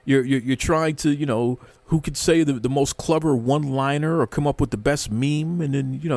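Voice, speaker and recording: A man's voice: medium pitch, steady tone, a little fast, creaky, few pauses, darkish tone, dry recording. A man hosting a wrestling show, ranting with mock outrage and heavy sarcasm, often repeating words as he builds up. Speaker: wrestling commentary host. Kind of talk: sarcastic rant to camera.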